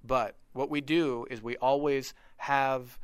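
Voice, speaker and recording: A man's voice: mid-range voice, steady tone, slow, clean tone, dry recording, clean studio sound. A man hosting a casual interview, asking friendly, rambling questions with fillers. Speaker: podcast host.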